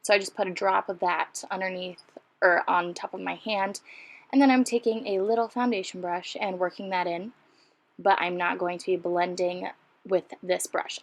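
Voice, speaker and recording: Chatty woman with a gravelly vocal fry. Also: on the low side. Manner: chatty, self-deprecating, rambling asides. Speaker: beauty vlogger. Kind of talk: casual makeup tutorial voice-over.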